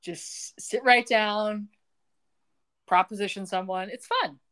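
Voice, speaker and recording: A woman's voice: medium pitch, takes it slowly. A young woman co-hosting a podcast, retelling a TV episode in casual chat and acting out the characters' lines as she goes. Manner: animated, jokey, acts out the characters' lines while retelling. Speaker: podcast co-host recapping a TV episode.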